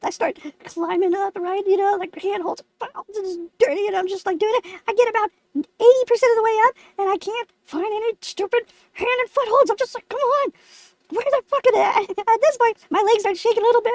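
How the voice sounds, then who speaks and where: A woman's voice: very high-pitched, no echo. A woman voicing a brash, foul-mouthed lemon puppet host, telling a boastful comic story.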